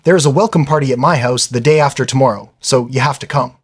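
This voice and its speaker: A man's voice: mid-range voice, fast talker, slightly rough, no echo, studio quality, close to an everyday voice. A man voicing a pushy, goofy teenage boy in a casual, insistent way.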